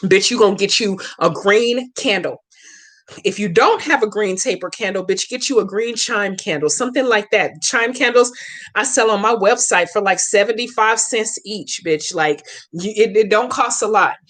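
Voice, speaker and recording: A woman's voice: mid-range voice, normal speed, a bit bright. Brash, profane woman hosting a livestream. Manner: brash, profane and chatty, addressing viewers as baby; slangy, emphatic instructions. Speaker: hoodoo practitioner hosting a live Q&A. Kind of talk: casual livestream Q&A and spell tutorial.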